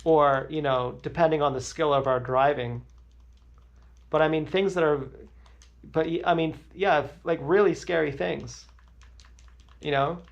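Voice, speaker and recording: A man's voice: a little high, steady tone, measured pace, vocal fry, long pauses, highs cut off. A man livestreaming, telling crude, rambling stories in a blunt way.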